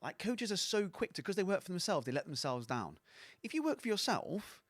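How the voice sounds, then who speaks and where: Guy on a podcast, quick and blunt, swears a lot, dry close mic. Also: high-pitched, big pitch swings, no room sound. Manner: blunt, sweary, grumpy and sarcastic. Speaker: fitness coaching mentor, podcast guest. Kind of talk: casual podcast chat.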